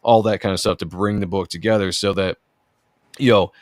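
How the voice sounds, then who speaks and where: A man's voice: on the low side, steady tone, brisk, dry recording, studio quality. A man, a comic book artist, talking casually and earnestly on a podcast, rambling with lots of fillers.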